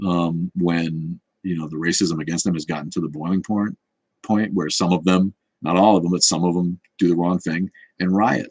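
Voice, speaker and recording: A man's voice: deep voice, breathy edge, no echo. A man hosting a casual livestream chat, answering comments in a rambling, blunt and profane way. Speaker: show host.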